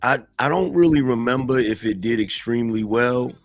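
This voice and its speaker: A man being interviewed, telling stories in a relaxed, slangy way. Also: mid-range voice, normal speed, creaky, dry recording. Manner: relaxed, slangy street talk. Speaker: interview guest, online commentator. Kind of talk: casual storytelling in an interview.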